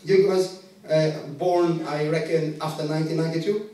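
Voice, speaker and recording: A man's voice: fairly high pitch, normal speed. Greek-accented man doing stand-up. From Greece. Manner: deadpan, conversational, teasing the crowd. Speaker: stand-up comedian. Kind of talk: stand-up comedy set. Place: comedy club stage. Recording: echoey room from a distance.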